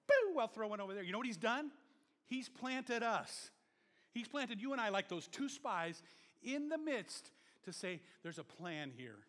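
A male pastor preaching a sermon in an animated way, swinging from loud exhortation to low murmurs and prompting the congregation to repeat words after him. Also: in a large hall.

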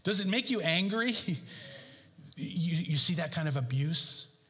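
A male pastor delivering a sermon in a church, preaching emphatically with sharp rises and drops in pitch. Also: animated, a little slow. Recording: long hall reverb.

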